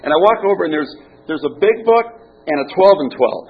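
A man's voice: a little high, sing-song, normal speed, breathy edge. A man telling his recovery story at a meeting in a rambling, self-mocking way, with false starts and chuckles. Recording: muffled, faint hiss.

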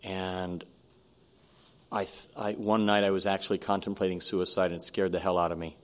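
An older man telling his own recovery story at a meeting, candid and halting, with many restarts. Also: deep voice, level tone.

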